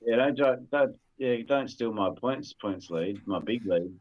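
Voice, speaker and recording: A man's voice: mid-range voice, lively intonation, unhurried, muffled recording, background noise. A man on a live stream, joking crudely and cursing. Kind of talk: casual live-stream chat.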